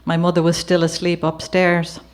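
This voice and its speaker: An Irish woman reads from her memoir before an audience at a gallery event, moving back and forth between the text and chatty, conversational storytelling. Her voice is on the low side and completely flat, at a moderate pace, and she adds warm asides with the occasional laugh.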